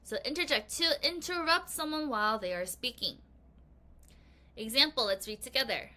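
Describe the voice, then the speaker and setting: A woman teaching an English vocabulary lesson to children, reading aloud with bouncy, expressive emphasis. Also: high voice, moderate pace.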